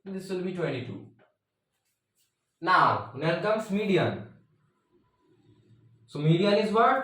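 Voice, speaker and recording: A chatty man walks students through a math lesson, cracking jokes and slipping in "means" between phrases. His voice sits a little high for a man. It is recorded in a very echoey room, some distance from the mic. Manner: chatty, joking asides, frequent "means" fillers. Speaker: math teacher. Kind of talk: casual math tutorial.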